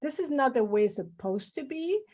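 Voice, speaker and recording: A woman's voice: sits high, expressive, normal speed, darkish tone. A middle-aged woman physician guest on an interview, talking effusively with many fillers and acting out the voices she quotes. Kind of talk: casual interview talk.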